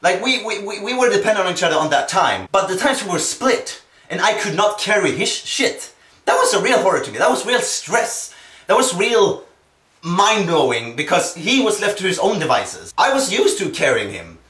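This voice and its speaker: A young man from Sweden with a Swedish accent, gushing and swearing through an excited rant about a co-op game. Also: high voice, moderate pace. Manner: animated, swears a lot, gushing. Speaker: video game ranter. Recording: echoey room, distant from mic.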